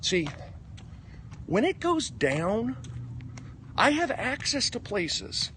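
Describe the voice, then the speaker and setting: Here the comedian's voice is very high-pitched and extremely slow, and a little hiss or hum runs under it. Walking outdoors with his phone, he delivers an excitable, emphatic livestream ramble that leaps between topics.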